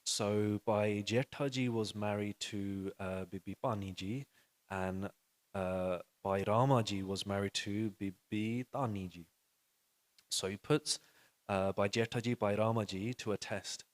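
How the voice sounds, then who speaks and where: A man giving an animated storytelling talk to a live audience, acting out quoted dialogue and putting questions to the listeners. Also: lowish voice, normal speed. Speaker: speaker at a religious youth session.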